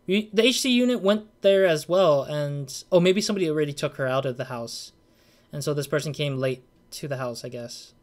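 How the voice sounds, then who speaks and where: Rambling young man with a higher voice. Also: brisk. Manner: rambling, thinking aloud with many "like" and "kind of". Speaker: let's play gamer. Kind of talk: casual game commentary.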